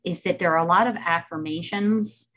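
Reflective woman interview host, lowish voice. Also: normal speed, fairly bright tone. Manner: reflective, thoughtful questions. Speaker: podcast host. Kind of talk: interview conversation.

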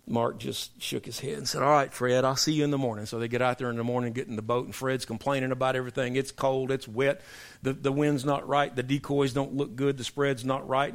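A man preaching a sermon, telling joke stories in a folksy way, then building into loud emphatic preaching. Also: mid-range voice, creaky. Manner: folksy storyteller, swings from soft asides to loud emphatic preaching.

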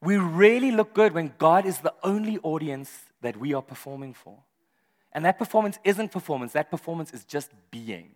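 Brief: male pastor, animated and funny, high and sing-song, long hall reverb. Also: normal speed. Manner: animated, humorous, laughs often. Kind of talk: sermon.

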